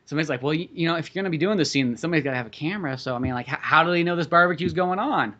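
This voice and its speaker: A man talks quickly and with a bright, forceful edge in a loose podcast conversation about films. He rambles, restarts his sentences and swears freely. His voice sits a little higher than most men's. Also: lo-fi sound. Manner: rambling, animated, heavy swearing. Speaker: podcast co-host. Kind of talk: casual movie chat.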